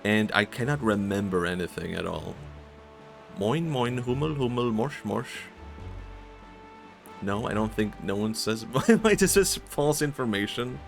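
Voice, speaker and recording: A man's voice: lowish voice, lively intonation, unhurried, creaky. A young Swedish man with a Swedish accent, chatting casually and laughing often while streaming a game. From Sweden. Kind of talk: casual gaming stream chat. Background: faint game music.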